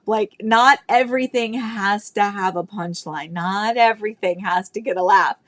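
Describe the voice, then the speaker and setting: A realtor from Florida in her thirties runs a casual livestream, her medium-pitched, fairly bright voice moving at a moderate pace with hardly any pauses. Chatty and rambling, she uses lots of fillers and restarts, getting emotional and nostalgic at moments and laughing between tears.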